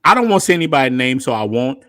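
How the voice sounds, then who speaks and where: A man's voice: mid-range voice, very animated, racing, fairly bright tone. A man hosting a live stream, talking in loose, joking street slang. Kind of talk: casual live stream chat.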